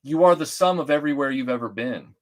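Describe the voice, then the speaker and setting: A middle-aged man from Atlanta, a guest telling stories in casual chat, rambling and animated with many restarts and fillers. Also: medium pitch, fast talker.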